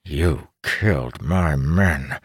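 A man voicing a furious, low-voiced commander. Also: takes it slowly, creaky, breathy edge, no room sound, clean studio sound, heavily acted. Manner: bitter, clipped and forceful. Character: furious male military commander, adult.

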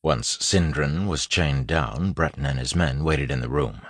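A man reading an audiobook narration in a measured way. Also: very deep voice, no room sound.

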